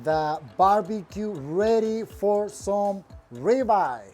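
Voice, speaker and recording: A landscaping contractor gives a casual, upbeat walkthrough of a patio he finished outdoors, talking plainly and sounding proud of the job. His voice sits high with lively intonation, he speaks slowly, and loud music plays behind him.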